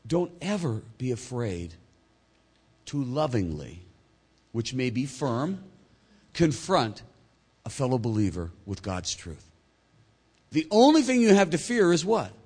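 A male pastor delivering a sermon, swinging between loud emphatic points and quiet, low asides. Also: very animated, unhurried, long pauses, slightly rough.

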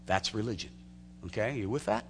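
A man preaching a sermon as a pastor, telling stories in an animated way with restarts and laughter. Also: on the low side, brisk, long reverb tail, a little hiss or hum.

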